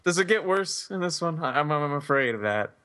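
A man co-hosting a podcast in casual chat, mostly giving short agreeing replies with chuckles and halting restarts. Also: a little high, animated, sharp tone. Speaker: podcast co-host.

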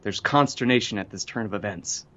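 A man's voice: fairly low pitch, a little fast, fairly bright tone, lo-fi sound. A man co-hosting a podcast, easygoing and laughing often. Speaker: podcast co-host. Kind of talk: casual podcast chat.

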